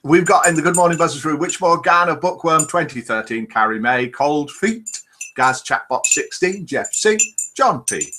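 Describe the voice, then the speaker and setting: A man's voice: on the high side, expressive, moderate pace, pushed and bright, a little hiss or hum. A man hosting a live online show, chattily reading out scores and greeting viewers by name. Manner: chatty, reads out scores and names. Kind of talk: casual live-stream hosting.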